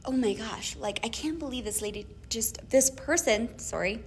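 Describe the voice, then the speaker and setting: A young woman co-hosting a casual chat podcast, telling an animated story with lots of laughs and acted-out emails. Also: on the high side, moderate pace, a little hiss or hum. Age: young adult. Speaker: podcast co-host.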